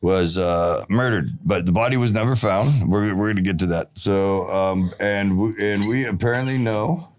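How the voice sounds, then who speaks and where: An American man hosts a podcast in loose, casual conversation. His voice sits on the low side, and he rambles, stumbles over his words and laughs often. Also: moderate pace, hardly any pauses, slight background noise. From United States. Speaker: podcast host.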